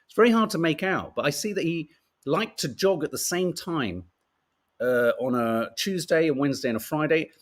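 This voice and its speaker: A man's voice: on the high side, normal speed. A middle-aged British man hosting a podcast, chatting wryly through newspaper stories with casual swearing and laughter. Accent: British English. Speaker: podcast host reading the papers. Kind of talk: casual chat.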